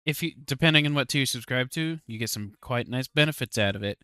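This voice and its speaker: A man's voice: mid-range voice, fast talker, bright, forceful tone, clear, resonant tone, no room sound, clean studio sound. Rambling laid-back game master guy. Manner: rambling, hesitant, laughs often. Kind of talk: casual podcast chat.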